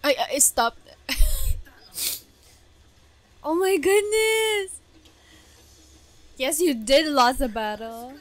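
A woman reacts to an anime episode in a very high, lively voice that leaps up and down. She talks at an unhurried pace, breaking into gushing, excitable exclamations between her casual comments. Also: no echo.

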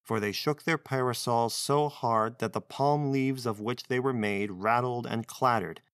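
A man narrating a classic children's story in a measured, expressive reading voice. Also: mid-range voice, smooth, no echo, studio quality.

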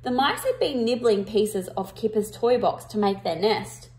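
A woman reading a picture book aloud to children, with expressive emphasis, and pausing to ask her listeners questions. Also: mid-range voice. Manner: interactive, asks the listeners questions.

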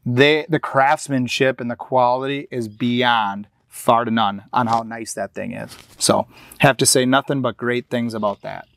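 A man's voice: medium pitch, steady tone, measured pace, creaky, a bit bright, no echo. Upbeat man touring his off-road rig. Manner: enthusiastic, rambling with restarts and fillers. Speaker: off-road vlogger showing his jeep build. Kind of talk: casual walkaround explanation. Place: outdoors and inside a jeep in a shop area.

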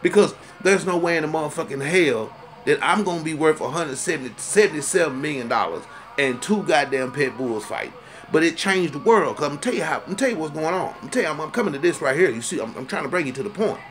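A fast-talking man with lively intonation and a high-sitting voice rants comically to camera, bursting into loud indignation. His storytelling is heated, profane and rambling, and he repeats points for emphasis, with faint music somewhere in the background.

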